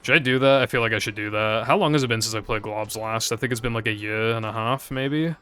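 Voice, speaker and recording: A man's voice: lowish voice, fast, a bit bright, faint music behind. A young man chatting casually to his stream viewers, rambling and hesitant with frequent fillers and casual swearing.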